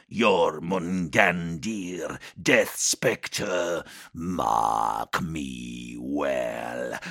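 A man voicing a vengeful, malevolent demon in an audiobook, with slow, drawn-out, menacing speech. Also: a bass voice, vocal fry, a bit bright, no room sound, studio quality, heavily acted.

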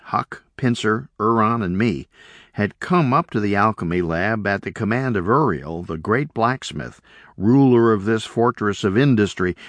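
A man narrating a story in the first person as an audiobook reader, measured and expressive. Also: on the low side, dry recording.

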